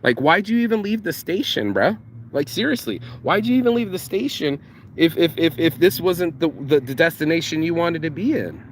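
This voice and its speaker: A man's voice: on the high side, animated, normal speed, a little hiss or hum. A man giving a casual motivational monologue, slangy and profane, who stumbles over repeated words when he gets going. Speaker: motivational vlogger.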